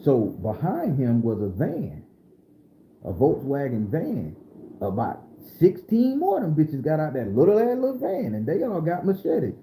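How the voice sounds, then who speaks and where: A man's voice: fairly high pitch, measured pace, slight background noise. A middle-aged man from southern Florida, telling a story in a casual, streetwise way, full of cursing and slang. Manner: animated, profane, streetwise storytelling. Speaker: storyteller host. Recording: echoey room.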